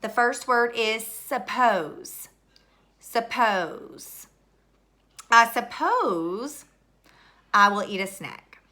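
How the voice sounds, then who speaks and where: A woman's voice: on the high side, animated, pushed and bright. A woman teaching a third grade word study lesson, speaking patiently and repeating each word. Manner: slow, patient, deliberate, repeats words for spelling. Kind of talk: recorded classroom lesson.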